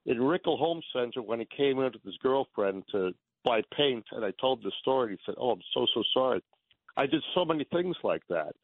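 Male call-in listener, halting storyteller, heard over a thin phone line. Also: medium pitch, dry recording. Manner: rambling, stammering, storytelling. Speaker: caller. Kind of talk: call-in radio chat.

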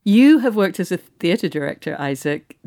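A woman's voice: lowish voice, big pitch swings, moderate pace, warm tone. A woman with an English accent, co-hosting a podcast in casual, chatty conversation. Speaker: podcast co-host.

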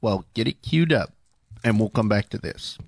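Lively wry young male co-host. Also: fairly low pitch, normal speed, creaky, dry recording. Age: 20s. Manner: wry, mock-formal quips. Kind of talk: casual radio show banter.

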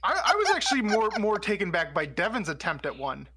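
A podcast co-host calmly defending a TV episode in casual chat. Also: medium pitch, fairly quick, slightly rough. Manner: earnest, defends the show.

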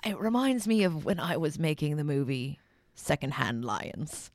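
A woman impersonating an older male film star, muttering slowly in a breathy hush. Her voice sits very low. The sound is close and dry, in a comedy podcast bit. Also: sing-song, no echo. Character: impression of an older male film actor, mumbling and absurd.

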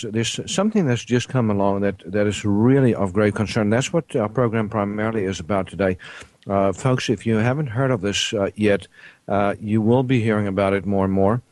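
A man hosting a casual radio health talk show from a studio, halting often with ums and uhs. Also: fairly low pitch, a little mellow, dry recording.

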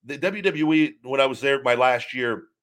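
A man's voice: medium pitch, moderate pace, a bit bright. A man hosting a live show, rambling candidly as he reads out viewer questions and answers them off the cuff. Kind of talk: casual live-stream chat.

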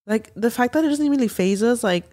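A woman's voice: fairly high pitch, expressive, a little fast, dark tone, no echo. Young female co-host, loose filler-heavy chat with cursing, dry close sound. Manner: swearing, filler-heavy, giggly. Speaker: podcast co-host. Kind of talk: casual chat.

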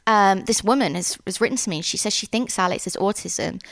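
A young woman giving an earnest personal account in an interview, halting often with ums and restarts. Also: medium pitch, vocal fry. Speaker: interviewee, sister of a convicted man.

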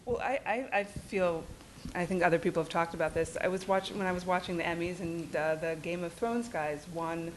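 A woman's voice: fairly low pitch, normal speed, a little hiss or hum. A woman on a panel discussion, recounting an observation in a reflective way.

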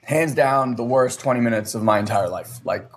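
A man's voice: medium pitch, normal speed, a little hiss or hum. A man in his thirties telling a personal story in a casual, rambling way, earnest and full of fillers.

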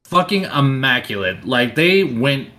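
A man's voice: medium pitch, sing-song, unhurried, bright, forceful tone. A man co-hosting a podcast, enthusing emphatically in casual chat, with plenty of swearing. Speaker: podcast co-host.

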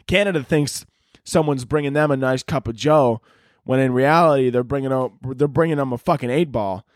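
Brisk and darkish in tone, this young man's mid-range voice carries a solo comedy podcast recorded at studio quality with no echo. His rant wanders, swears freely, and slips into goofy voices.

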